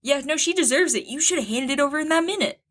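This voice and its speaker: A woman's voice: high-pitched, animated, fast talker, a bit bright. A young adult woman co-hosting a podcast in casual chat, blunt and joking, swearing freely. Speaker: podcast co-host.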